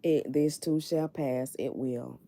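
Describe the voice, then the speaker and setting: A woman's voice: extremely low pitch, steady tone, slow, warm tone. A middle-aged woman hosting a casual live stream from her bed at home, confiding candidly in her viewers. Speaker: livestream host.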